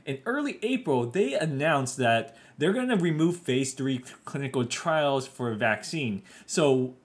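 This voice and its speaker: A man gives casual market commentary for his finance video. He explains things loosely and conversationally, filling pauses with uh and um as he goes, with a mid-range voice. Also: medium pitch, lively intonation. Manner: explanatory, loose, with frequent fillers.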